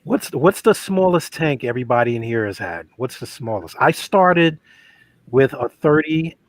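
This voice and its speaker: A man's voice: medium pitch, sing-song, moderate pace, dry recording. A man co-hosting a casual aquarium chat, joking and laughing often. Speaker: aquarium podcast co-host.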